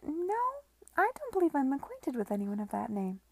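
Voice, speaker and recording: A woman voicing a shrewd, brash older woman who keeps a brothel, loud and folksy in her speech. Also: sits high, very animated, moderate pace, no room sound, voice pushed up, heavily acted. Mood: brash, sly.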